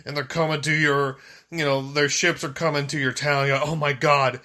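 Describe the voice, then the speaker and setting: A man's voice: a little high, level tone, a little fast, bright, forceful tone. A man casually reacting to a comedy special, laid-back and swearing freely as he retells the jokes. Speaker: reaction video host.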